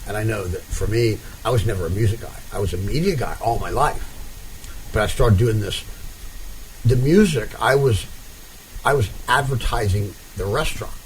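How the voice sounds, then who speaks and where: Rambling low-voiced man telling stories. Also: moderate pace, a little hiss or hum, poor audio. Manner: rambling storyteller with many restarts. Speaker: interviewer. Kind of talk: casual conversation.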